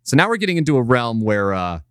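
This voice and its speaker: A man's voice: medium pitch, sing-song, fast, smooth, no room sound, clean studio sound. A man in casual chat on a podcast, retelling an anime scene in a loose, profane, filler-heavy way. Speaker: podcast co-host.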